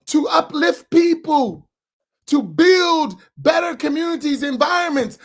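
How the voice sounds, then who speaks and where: A man with an American accent, an imam preaching a sermon with rising shouts and repeated rhetorical questions. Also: very high-pitched. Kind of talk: impassioned sermon.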